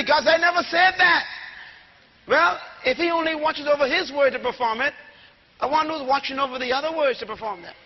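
A man preaching a sermon to a congregation, shouting and leading call-and-response. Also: extremely high pitch, fast talker, muffled recording. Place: church before a congregation.

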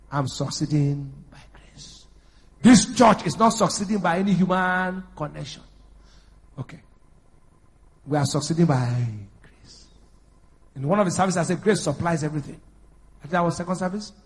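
A pastor preaching a sermon in a high, husky voice. He calls out questions for the congregation to answer and swells into loud, emphatic declarations. His delivery moves between quiet asides and forceful preaching. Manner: preaching with call-and-response, rising to loud emphatic bursts.

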